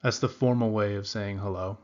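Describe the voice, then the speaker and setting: A man teaching a beginner language lesson, saying each phrase slowly and repeating it for learners. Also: fairly low pitch, steady tone, lo-fi sound. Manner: slow, repeats words carefully for learners.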